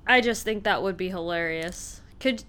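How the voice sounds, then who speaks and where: A woman's voice: lowish voice, moderate pace, fairly bright tone. A woman in her thirties co-hosting a casual chat, telling a story and often breaking into laughter. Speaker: podcast co-host.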